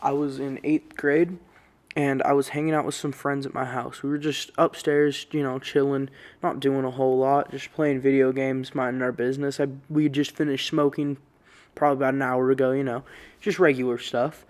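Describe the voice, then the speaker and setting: A man's voice: medium pitch, flat delivery, moderate pace. Rambling, cussing man telling a story. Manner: rambling, profane, loose slang. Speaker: YouTuber. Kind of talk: casual story time vlog.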